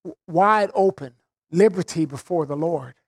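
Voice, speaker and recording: A man's voice: on the high side, unhurried, husky. A man preaching a sermon, expounding scripture with emphatic repetition and casual conversational asides. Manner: emphatic, repeats phrases for stress.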